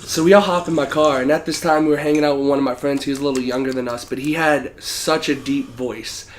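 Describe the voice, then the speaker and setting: A man's voice: medium pitch, fairly even intonation, fast talker, a little hiss or hum. A young man co-hosting a podcast, telling a story in a laid-back, profane way and laughing as he goes. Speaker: podcast co-host. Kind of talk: casual storytelling.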